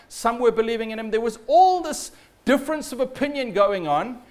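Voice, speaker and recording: Man, high voice, sermon, storytelling preacher, trails off low and soft at phrase ends. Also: lively intonation, moderate pace.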